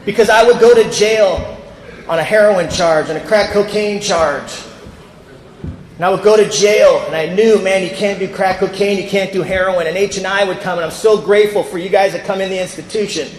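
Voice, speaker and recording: Man, high-pitched, storytelling, acts out quoted people, roomy convention hall, faint hum behind. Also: a little fast. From California. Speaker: speaker at a recovery convention. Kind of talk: personal recovery story told to a crowd. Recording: echoey hall with long reverb.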